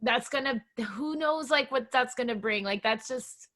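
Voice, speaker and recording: A woman's voice: fairly high pitch, normal speed, pushed and bright. A woman co-hosting a casual podcast chat, emotional and swearing freely, with many restarts. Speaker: podcast co-host.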